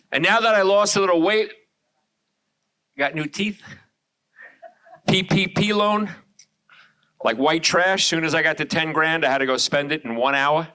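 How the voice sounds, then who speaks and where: A middle-aged man from Long Island, doing loud, brash, crude stand-up and crowd work on a showroom stage. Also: a little high, measured pace, pauses often, smooth. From Long Island, New York. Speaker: stand-up comedian. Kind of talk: live stand-up comedy.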